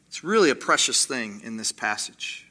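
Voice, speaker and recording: Full of energy, a pastor preaches and voices the people he quotes, pushing his pitch upward. For the crucial lines he drops to a slow, quiet emphasis.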